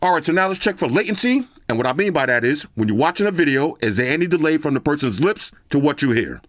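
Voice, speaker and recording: Lively, chatty male tech reviewer. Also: fairly high pitch, fast, no echo. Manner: casual, chatty, speaks directly to viewers with slang. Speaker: product reviewer. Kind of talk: casual tech review vlog.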